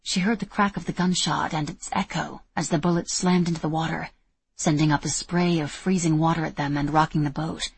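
A woman reading a novel aloud in steady, measured scripted narration. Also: sits low, creaky, husky. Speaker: audiobook narrator.

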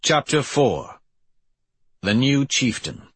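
A man narrating an audiobook in a measured, even reading voice, slightly husky. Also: mid-range voice, no room sound. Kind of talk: scripted narration.

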